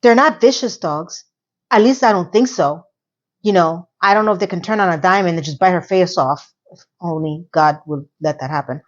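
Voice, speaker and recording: A woman casually recapping and reviewing a TV episode, animated and sarcastic, swinging between loud and soft. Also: lowish voice, normal speed, lo-fi sound. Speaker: TV review vlogger.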